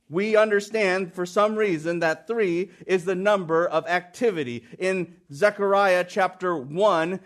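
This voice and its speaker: A man preaching a sermon, stressing key points by repeating phrases. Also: sits high.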